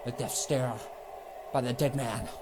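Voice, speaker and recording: A man giving a casual spoken review of a wrestling show, excitable and rambling, swearing freely. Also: mid-range voice, measured pace, background noise.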